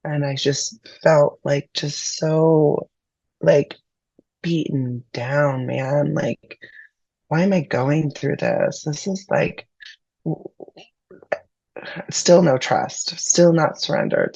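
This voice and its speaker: A woman's voice: low voice, slow pace, vocal fry, pauses often, a little mellow, slightly rough, dull audio. A woman guest on a podcast, candidly and emotionally retelling a personal ordeal in casual speech. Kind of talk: personal storytelling in conversation.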